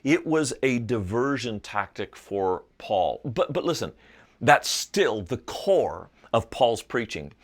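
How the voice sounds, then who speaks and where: A middle-aged man teaching a Bible lesson, explaining a text in an animated storytelling way. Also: mid-range voice, takes it slowly. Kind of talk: video Bible lesson lecture.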